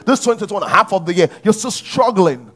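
A man's voice: high voice, animated, brisk, fairly bright tone. A man preaching a sermon as pastor, building intensity with repeated rhetorical questions. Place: church.

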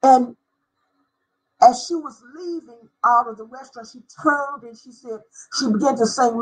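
A middle-aged woman, a former schoolteacher, telling a personal faith story with deep feeling and spelling out words for emphasis. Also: moderate pace, slightly rough, rough recording. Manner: emotional, spells out words, sings briefly. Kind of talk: personal testimony.

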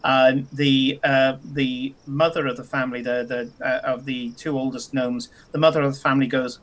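A man, narrating a tabletop game as game master, halting with many fillers and chuckles. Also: medium pitch, little pitch movement, a bit bright.

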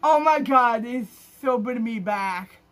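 Gaming vlogger, male, high voice, slow, gushing and rambling with excitement. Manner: gushing and overexcited, rambling with restarts. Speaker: gaming YouTuber. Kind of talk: excited gaming vlog talk.

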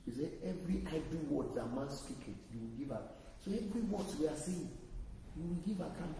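A man's voice: fairly high pitch, brisk, distant mic, slight background noise. Preaching man in an echoey hall. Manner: emphatic preaching, rising to loud exhortation. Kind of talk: sermon.

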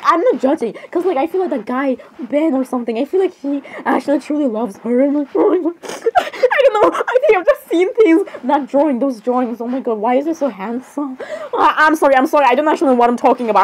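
A woman chatting in character while reacting to a video, giggling often and apologizing between excited outbursts. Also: sits high, slight background noise, low-quality recording. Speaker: role-play reaction streamer.

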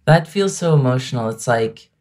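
A man's voice: medium pitch, expressive, normal speed, a little mellow. A man co-hosting a casual chat, reacting to his partner in short, responsive remarks. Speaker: co-host.

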